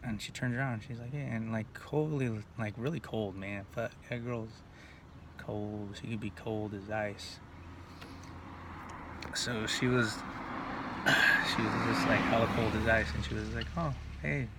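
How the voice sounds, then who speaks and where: A man's voice: lowish voice, steady tone, measured pace. A man, rambling through a profane personal story in a casual monologue, full of "like" and restarts. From Northern California. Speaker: vlogger telling personal stories. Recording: distant mic with faint background noise.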